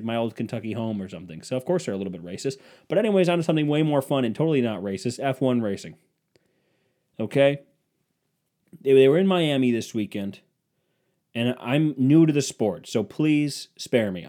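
Young male host, casual comedic rant, sarcastic, warm low-toned voice. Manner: sarcastic, swings from loud bursts to muttered grumbling.

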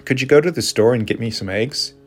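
A man's voice: mid-range voice, quick pace, breathy edge, faint music behind, close to an everyday voice. A man voicing a frustrated adult wife, speaking in a raised, insistent and pleading tone. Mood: exasperated.

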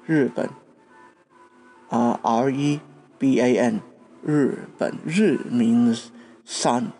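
A man's voice: mid-range voice, warm tone. A man from Taiwan, a podcast host giving a patient language lesson and spelling out words letter by letter.

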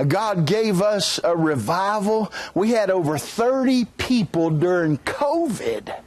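A man preaching a sermon in a fervent style that swells into shouts, with folksy conversational asides. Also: sits high, lively intonation, slow, dry recording.

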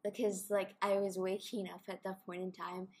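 A daughter casually telling a childhood story in a family conversation, a little giggly. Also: female voice, mid-range voice, little pitch movement, normal speed, a little mellow, slight background noise. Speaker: daughter on a family faith podcast.

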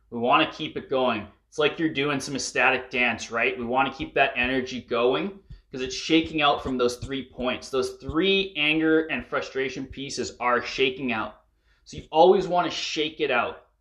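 A man's voice: mid-range voice, normal speed, bright, forceful tone. A man guiding listeners through a breathwork and emotional release session, coaching them urgently and swearing at the peaks. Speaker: breathwork facilitator.

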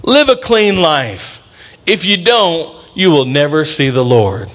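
Animated man preaching with a high voice. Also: slow pace. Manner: animated preaching with playful asides, acts out voices. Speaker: pastor. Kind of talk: sermon.

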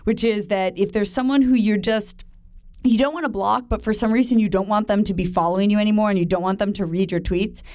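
A woman's voice: medium pitch, fairly even intonation, fast talker, mellow. A woman co-hosting a podcast, teasing and scolding her co-host in mock seriousness. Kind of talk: casual podcast chat.

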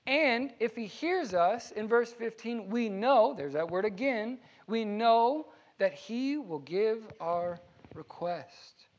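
A man's voice: high-pitched, lively intonation, slow, lo-fi sound. A man preaching a sermon as pastor, earnest and conversational, with everyday examples. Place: church.

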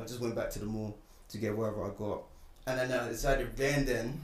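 A young man telling a personal story in casual chat, animated and getting louder when indignant. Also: mid-range voice, a little fast, distant mic, slight background noise. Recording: roomy, away from the mic.

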